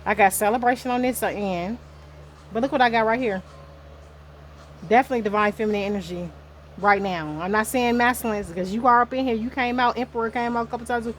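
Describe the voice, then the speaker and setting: A woman's voice: a little high, fairly quick, a little hiss or hum. Rambling woman giving a casual spiritual reading. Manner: rambling, talkative, swears casually. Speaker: spiritual card reader. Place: indoor room.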